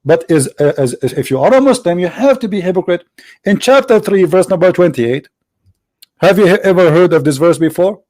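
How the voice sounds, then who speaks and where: Insistent debating host with a higher voice. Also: male voice, lively intonation, fairly quick, darkish tone. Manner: argumentative, insistent, repeats points for emphasis. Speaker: host of a live call-in religious debate show. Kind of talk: live call-in debate.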